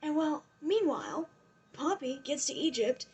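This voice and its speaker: A woman's voice: sits high, big pitch swings, a little slow, a little mellow. A young woman casually retelling history for laughs, rambling and swearing with throwaway asides. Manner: rambling, profane, giggly asides. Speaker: vlogger.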